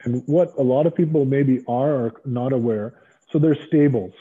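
A middle-aged man telling stories as an interview guest, animated and acting out other people's lines. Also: medium pitch, normal speed, slightly rough. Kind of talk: casual storytelling interview. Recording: tinny phone-like line.

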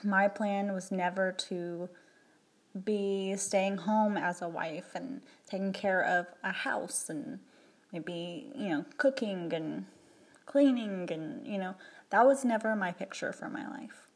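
A woman's voice: medium pitch, takes it slowly. A woman talking candidly to camera in a personal vlog, reflecting in a rambling, emotional way with many restarts. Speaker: vlogger.

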